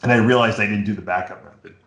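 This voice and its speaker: Chatty low-voiced man in an echoey room. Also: very fast. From New York. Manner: rambling, animated storytelling with impressions. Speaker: podcast host. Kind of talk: casual chat.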